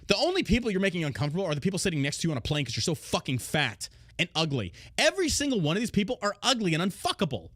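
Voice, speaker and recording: A man hosting a podcast, talking in a blunt, heavily profane casual rant with loud, mocking outbursts. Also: on the high side, big pitch swings, rapid-fire, few pauses, no room sound, studio quality. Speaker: podcast host.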